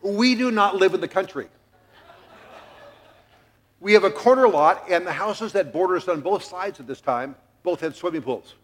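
A man's voice: high-pitched, normal speed, pauses often. A middle-aged man preaching a sermon in a church, telling a family story with jokes and acting out the quotes. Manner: animated, jokey, acts out quotes. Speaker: pastor.

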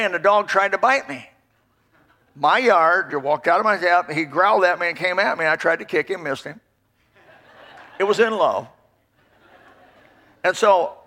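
A pastor delivering a sermon, telling a folksy story with emphatic repetition. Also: male voice, fairly high pitch, pushed and bright.

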